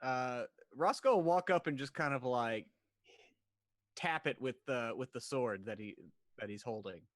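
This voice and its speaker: A man's voice: medium pitch, measured pace, no room sound. A man in a mid voice describes his character's moves in a rambling, hesitant way, with many filler words. The sound is dry and close. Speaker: player. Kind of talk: casual play chat.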